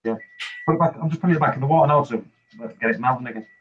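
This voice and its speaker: Racing along in a mid-range voice, this reef-keeping show host runs a casual live stream, repeating himself and chatting as he explains each demonstrated step. The recording is slightly muffled, with faint hiss.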